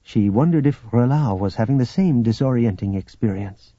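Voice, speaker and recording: A man reading scripted narration for an audiobook in a measured, steady way. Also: mid-range voice, husky, no room sound. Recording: dull lo-fi audiobook recording.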